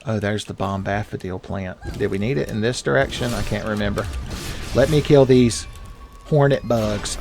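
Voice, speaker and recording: A man giving joking, casual commentary while playing a video game, jumping up in pitch when excited. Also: normal speed, creaky, soft background music. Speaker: let's play host.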